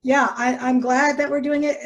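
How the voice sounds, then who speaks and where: A woman's voice: sits high, fairly even intonation, a little slow, highs cut off. A woman hosting a podcast interview, chatty and casual, talking with fillers and restarts. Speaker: podcast host.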